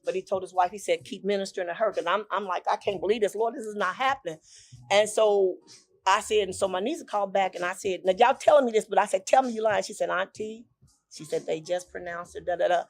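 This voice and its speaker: A woman's voice: mid-range voice, steady tone, brisk. Older woman telling a painful story. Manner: emotional storytelling, acting out quoted speech, repeats phrases. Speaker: talk show co-host. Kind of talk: personal testimony on a talk show.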